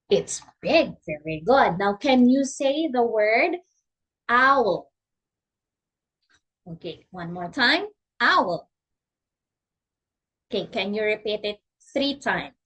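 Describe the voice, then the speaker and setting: Slow sing-song woman teaching a child. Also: a little high, sing-song, fairly bright tone, slightly rough. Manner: patient, encouraging, exaggerated sing-song prompts. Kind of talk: slow demo lesson for a young learner.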